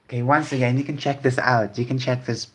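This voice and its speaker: A man's voice: medium pitch, fairly even intonation, brisk, husky. A man hosting a casual video, commenting on online posts in a rambling way that repeats phrases. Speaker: video host.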